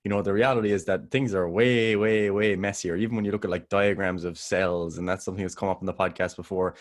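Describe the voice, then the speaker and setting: Man, very deep voice, podcast co-host, casual rambling chat, restarts, laughs. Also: fairly even intonation, fast.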